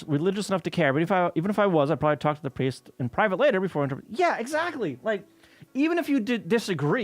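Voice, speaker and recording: A man chatting casually on a livestream, telling an exasperated, profane story while he works. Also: on the high side. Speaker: streamer. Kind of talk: casual chat with chat while working.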